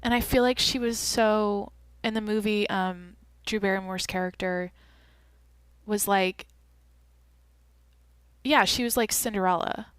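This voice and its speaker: A woman's voice: mid-range voice, steady tone, a little slow, long pauses, clean tone, no room sound. This is a young woman talking casually on her own podcast, with a voice that sits right in the middle of the range. She drifts from thought to thought and swears freely as she goes. The sound is close and dry. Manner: rambling, swears often, thinks aloud. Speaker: podcast host. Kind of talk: casual solo chat.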